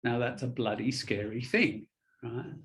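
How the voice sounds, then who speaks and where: A man teaching English in a relaxed one-on-one lesson, explaining ideas patiently and spelling words out. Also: mid-range voice, unhurried, poor audio.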